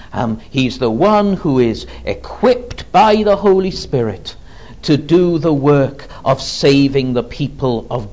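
A man preaching a sermon, slow and deliberate, asking his listeners rhetorical questions. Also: fairly high pitch, darkish tone. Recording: dull lo-fi recording.

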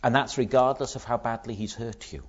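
A man preaching a sermon, acting out the voices he quotes with lively rises and drops in pitch. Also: brisk, muffled recording.

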